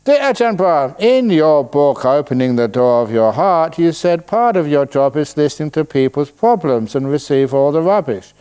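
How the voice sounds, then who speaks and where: Buddhist monk guy telling stories at a retreat, smooth clear voice, joking around. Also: fairly high pitch. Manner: storytelling, playful, slows voice to demonstrate calm. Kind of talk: dharma talk with Q&A. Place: retreat hall.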